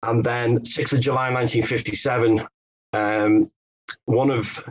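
A man's voice: medium pitch, level tone, unhurried, rough recording. A man from England, a guest author telling stories in an interview, hesitant with many restarts. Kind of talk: conversational interview.

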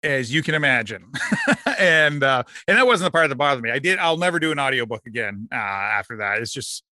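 A man's voice: medium pitch, big pitch swings, a little fast, bright, forceful tone, no room sound, studio quality. A man who does voice work as a guest on a casual talk show, easygoing and blunt, laughing often. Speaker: voice actor guest. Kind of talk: casual chat.

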